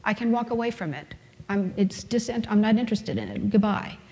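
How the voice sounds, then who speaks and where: A conference speaker lectures in an animated, brisk, mellow voice of medium pitch. Her talk is emphatic, built on rhetorical questions and everyday examples, and the hall adds long reverb.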